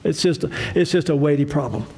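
Emphatic high-voiced male preacher. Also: a little fast, darkish tone, slightly rough. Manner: emphatic, repetitive, conversational preaching; asks the congregation questions. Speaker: pastor. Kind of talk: sermon.

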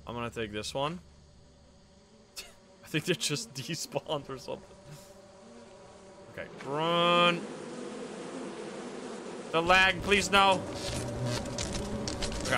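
A man streaming a co-op game with friends, chatting casually, swearing and exclaiming when things go wrong, then dropping to low mutters. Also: slow pace, pauses often. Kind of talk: casual live game chat. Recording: noisy live stream audio.

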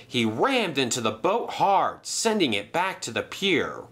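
Young man, storybook narrator, animated, dramatic, unhurried. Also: medium pitch. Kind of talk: storybook narration of a toy train film.

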